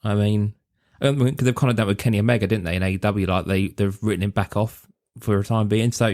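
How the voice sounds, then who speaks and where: A man's voice: on the low side, steady tone, fast, darkish tone, dry recording, studio quality. A man co-hosting a casual podcast chat, easygoing and thinking aloud as he goes. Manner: easygoing, thinks aloud with ums and you-knows. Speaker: podcast co-host.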